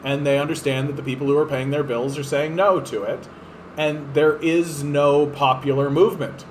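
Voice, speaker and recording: A man with a somewhat higher voice, riffing through a political commentary podcast. He swears freely and keeps tossing in fillers and tag questions. A faint air-conditioner hum sits under him. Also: fairly even intonation, normal speed, rough recording. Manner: profane, fired up, filler-heavy. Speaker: podcast host.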